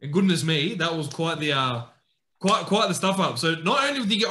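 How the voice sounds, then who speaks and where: Chatting casually on a podcast, a male co-host recounts a story with animation, raising his voice to play his friends' lines. He speaks on the high side, a little fast, in an echoey room.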